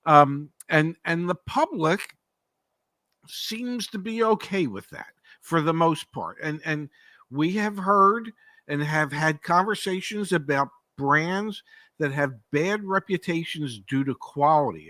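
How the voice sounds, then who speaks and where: This co-host, who once operated a car dealership, chats casually on a podcast about the car market. His voice is a little high and a bit bright, and he's emphatic, repeating words and tossing out rhetorical questions. There's no echo.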